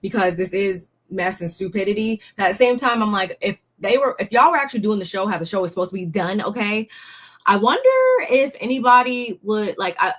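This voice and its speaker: A woman's voice: medium pitch, a little fast. A young woman giving a casual, blunt recap of a reality show, talking in slang and often sounding fed up. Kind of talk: casual commentary.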